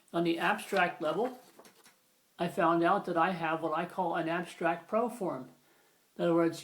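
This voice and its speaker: A man giving a grammar video lesson, patient and emphatic, repeating his key phrases. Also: sits high. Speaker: grammar teacher.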